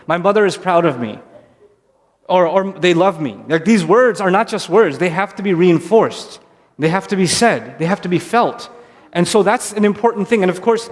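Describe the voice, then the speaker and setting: Man, high voice, talking to families in an echoing hall; conversational, animated. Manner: conversational, animated, acts out kids and parents. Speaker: speaker addressing parents. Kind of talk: religious talk to families. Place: hall before an audience.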